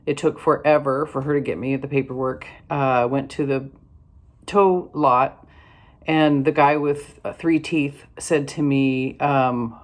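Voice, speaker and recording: A woman's voice: rumbling low, steady tone, measured pace. Older lady vlogging, worn out, rambly and wry, lots of ums and false starts. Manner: rambling, wry, many fillers and restarts. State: tired. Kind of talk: casual storytelling to camera.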